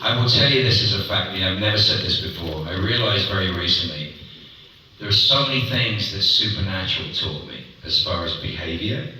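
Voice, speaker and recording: A low-pitched man tells stories in a lively, animated way, laughing as he goes. He is on a convention stage, picked up from a distance in a booming, echoing hall. Steady background noise sits under his voice. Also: fairly quick. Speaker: panel guest. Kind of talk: convention panel banter. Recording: echoey hall, distant, noisy.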